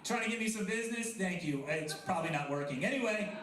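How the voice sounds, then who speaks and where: A man's voice: high voice, expressive, quick pace, heavy background noise. A man in his thirties performing a stand-up comedy set at a coffee house, self-deprecating and chatting with the crowd. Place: coffee house stage before a live audience. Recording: roomy live venue sound.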